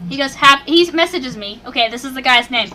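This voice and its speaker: A woman's voice: high voice, animated, a little fast, bright, forceful tone, a little hiss or hum. A woman co-hosting a casual chat, talking in a hyper, giggly way. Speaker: co-host.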